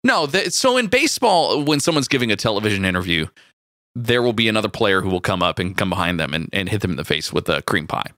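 A man co-hosting a casual, comedic food chat, dropping deadpan absurd jokes before explaining cooking tips. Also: fairly low pitch, fast, no room sound, studio quality. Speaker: podcast co-host.

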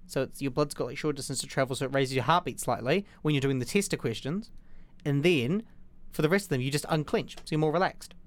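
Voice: mid-range voice, fast. A podcast host chatting casually in a playful, teasing, mock-serious way into a studio mic.

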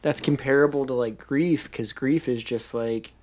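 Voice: medium pitch, normal speed, a little mellow, slight background noise. A podcast co-host talking in casual chat, thoughtful and hesitant with many fillers.

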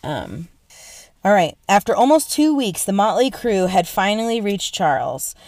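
A woman's voice: mid-range voice, sing-song, unhurried, a little mellow, no echo. A woman podcast host telling a story in casual, slangy and profane chat. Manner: slangy, profane, lots of fillers.

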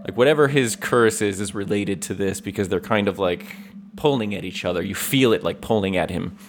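A man's voice: fairly low pitch, a little fast. Laughing man running a tabletop game. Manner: laughs often, relaxed storytelling. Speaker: game master.

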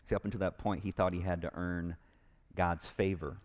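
A man's voice: deep voice, fairly even intonation, normal speed. A man preaching a sermon in a church to a live congregation, earnest and emphatic, repeating key phrases with frequent restarts. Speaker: pastor.

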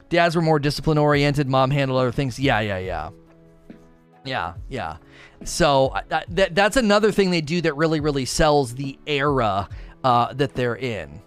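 A man in his thirties hosting a casual TV review chat, rambling with restarts and doing animated voices when retelling family moments. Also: a little high, clear, resonant tone. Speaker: show host reviewing TV.

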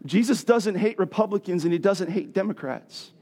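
A middle-aged pastor preaches a sermon in a high-sitting voice at a moderate pace. He's animated, building up to loud rhetorical questions.

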